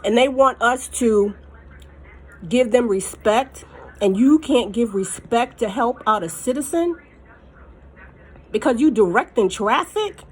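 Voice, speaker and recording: A woman's voice: a little high, expressive, measured pace, long pauses, breathy edge. Furious woman vlogger near tears. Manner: furious, emphatic, repeating herself. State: close to tears. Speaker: mukbang vlogger. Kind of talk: angry personal vlog rant.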